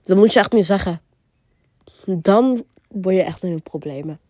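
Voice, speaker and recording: Mellow-voiced Dutch woman reacting. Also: mid-range voice, normal speed, slight background noise. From Netherlands. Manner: short exclaimed reactions. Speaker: reaction video host. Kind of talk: casual reaction commentary.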